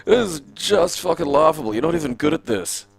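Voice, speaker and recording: An Australian man streams a game and chats casually, rambling and swearing with a sardonic edge. His voice is fairly high, gravelly and expressive, and he talks fairly quickly.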